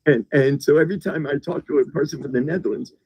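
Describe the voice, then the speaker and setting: Husky-voiced American man, halting. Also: on the high side, a little mellow, no echo. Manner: halting, repeats words as he starts sentences. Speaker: guest. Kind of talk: casual conversation. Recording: dull lo-fi recording.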